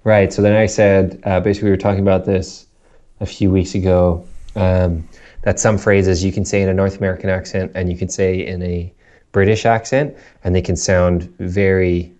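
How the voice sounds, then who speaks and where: A man's voice: sits low, flat delivery, normal speed, darkish tone. A man co-hosting a podcast in casual chat over a video call, teasing, giggling and swearing playfully. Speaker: podcast co-host. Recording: dull lo-fi video call audio.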